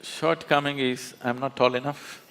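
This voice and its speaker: A man's voice: mid-range voice, fairly even intonation, moderate pace, noisy background. A man, a spiritual teacher speaking emphatically onstage, often laughing as he tells stories. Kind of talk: onstage conversation. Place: large auditorium.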